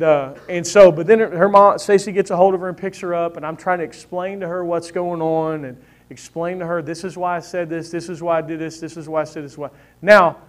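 A pastor preaching a sermon, his voice sitting high for a man. He presses his points by repeating lines and turns to the congregation with questions about what they know. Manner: emphatic, repeats key lines, asks the congregation "how many know". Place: church sanctuary.

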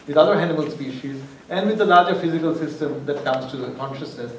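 A man's voice: a little high, lively intonation, fast, hardly any pauses, a little mellow, a little hiss or hum. Man lecturing in an echoey hall. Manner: discursive, restarts phrases, wry asides. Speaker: guest lecturer. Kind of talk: academic lecture. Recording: echoey hall, far from mic, faint ambience.

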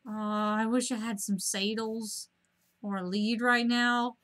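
A woman streaming a game at home, chatting to herself in a rambling, casual way and breaking into excited squeals at the animals. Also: slow. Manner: rambling, self-talking, bursts of high squeals at animals.

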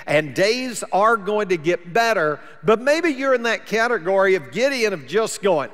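A pastor giving a sermon in a conversational, folksy way. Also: male voice, sits high, very animated, normal speed, few pauses, fairly bright tone, long reverb tail. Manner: conversational preaching, plain folksy wording. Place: church sanctuary.

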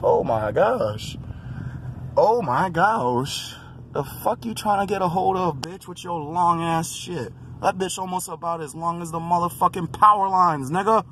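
A man vlogging from behind the wheel, loudly taunting other drivers in profane trash talk and often breaking into shouts. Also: high-pitched, a little slow. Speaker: driver filming himself. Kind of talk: casual in-car vlog commentary. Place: inside a car on city roads. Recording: noisy in-car recording with road noise.

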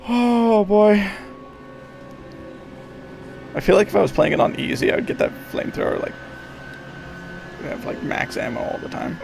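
A man streaming a horror game, swearing and talking excitedly to himself and the game. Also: sits high, moderate pace, creaky, pauses often, music in the background. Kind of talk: live gameplay commentary.

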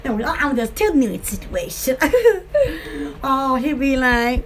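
A woman's voice: sits high, expressive, unhurried, slight background noise. A woman hosting her own channel, rambling playfully and giggling as she acts out silly scenes. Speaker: channel host.

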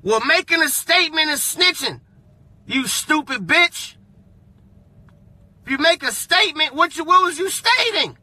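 A man rants in a high, piercing voice, mocking his target and swearing freely. He drags his words out slowly and leans on them, then flares up into shouting. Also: expressive, no room sound. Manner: heated, profane, mocking, bursts into shouting. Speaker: vlogger. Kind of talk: ranting monologue.

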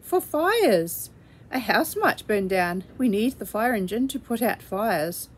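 A woman's voice: mid-range voice, very animated, slow, slightly rough, exaggerated voice. A woman doing a flustered, insistent fireman. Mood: protesting. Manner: agitated, insistent.

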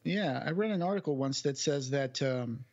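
A Portuguese man who speaks English with a mostly American sound, co-hosting a podcast in relaxed chat full of fillers. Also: mid-range voice, normal speed, lo-fi sound, crowd noise. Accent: Portuguese, with American-style English. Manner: relaxed, thinks aloud with many fillers. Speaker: podcast co-host.

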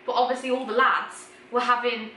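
A woman's voice: a little high, level tone, fairly quick, bright, forceful tone, a little hiss or hum. A young woman telling a story in a casual chat. She is blunt, swears freely and laughs as she talks. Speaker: guest friend. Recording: echoey room from a distance.

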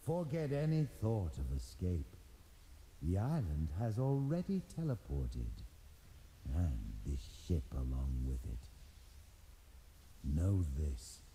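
A menacing god from a video game, speaking in a low, slow, commanding tone. His threats loom and drag out. A steady hiss sits under the audio. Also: full character voice.

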